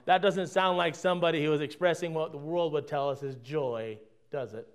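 A man delivering a sermon in a notably high voice. He engages the congregation with rhetorical questions. His volume swings from loud emphasis down to near-murmured asides. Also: a little fast, few pauses, smooth. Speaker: pastor.

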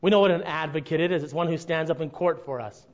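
Earnest preacher man, muffled recording. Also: on the high side. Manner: earnest, rising to impassioned emphasis with slow drawn-out phrases. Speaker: pastor. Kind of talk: sermon.

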